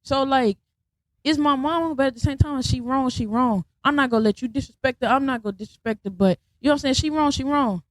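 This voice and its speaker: A young adult woman hosts a podcast, rattling off a story at speed in a high voice with no echo. She's blunt and slangy, animatedly acting out the people involved with quoted voices.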